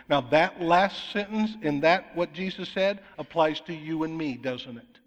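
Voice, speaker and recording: A man's voice: on the high side, measured pace, hardly any pauses. A man preaching a sermon as pastor, emphatic, with rhetorical questions to the congregation. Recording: long reverb of a large hall.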